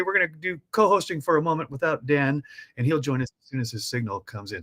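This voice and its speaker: Man, co-host, casual live-stream chat, playful and upbeat, bright forceful tone, slightly high voice. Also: lively intonation, fast talker, faint music behind.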